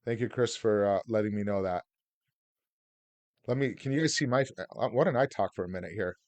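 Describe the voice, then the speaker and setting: Low-voiced man talking casually on a webinar. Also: brisk, darkish tone, no room sound. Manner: rambling, storytelling with filler words. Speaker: real estate investor teaching seller financing.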